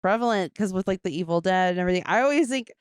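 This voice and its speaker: A woman hosting a comedy podcast talks in a loose, giggly way and keeps breaking into laughter. Her voice is smooth and clear. The sound is dry and close, with no room around it. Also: lowish voice, lively intonation, very fast, no room sound. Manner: giggly, jokey, recaps the plot with many fillers. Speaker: podcast host. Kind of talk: casual chat.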